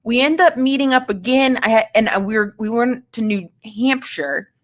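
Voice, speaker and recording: A woman's voice: fairly high pitch, normal speed. Rambling woman telling a dating story. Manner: rambling, filler-heavy, self-mocking. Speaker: guest comedian. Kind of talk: candid storytelling.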